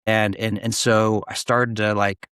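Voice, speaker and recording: A middle-aged man telling his career story as a guest in a casual interview, animated and full of restarts. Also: fairly low pitch, unhurried, clear, resonant tone, dry recording, clean studio sound. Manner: animated, restarts often, acts out quoted voices. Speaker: guest, business founder.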